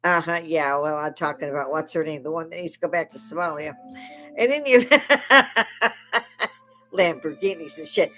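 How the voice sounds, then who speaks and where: A woman's voice: fairly low pitch, fairly quick, long pauses, fairly bright tone, faint music behind. An older woman delivering an angry, profane political rant, sarcastic and scornful, with bursts of mocking laughter. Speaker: livestream host.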